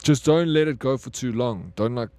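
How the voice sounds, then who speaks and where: A man's voice: medium pitch, normal speed, mellow, dry recording. A young man streaming a game, chatting casually and talking straight to his viewers by name. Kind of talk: casual live-stream chat.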